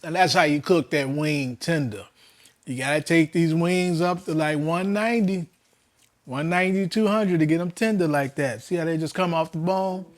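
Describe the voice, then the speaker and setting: A man, chatting excitedly to viewers while barbecuing wings outdoors in the cold. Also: a little high, moderate pace, no echo. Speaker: home barbecue cook. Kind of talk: casual cooking vlog. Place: outdoors by a smoker in winter.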